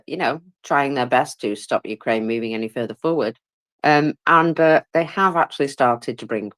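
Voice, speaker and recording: A tired, yawning woman with a rumbling low voice gives casual live commentary on a war. She's chatty and informal, with many fillers and wry, self-mocking asides.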